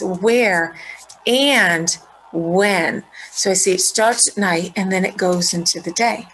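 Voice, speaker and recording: A middle-aged woman teacher giving a recorded lesson, explaining clearly and checking in with students. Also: mid-range voice, a bit bright, slight background noise, low-quality recording.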